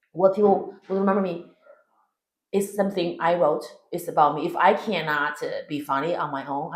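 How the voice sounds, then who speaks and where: Woman, Chinese accent, low pitch, blunt and emphatic, echoey room. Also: darkish tone. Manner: blunt and emphatic, swears freely. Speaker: comedian. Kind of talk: interview answers.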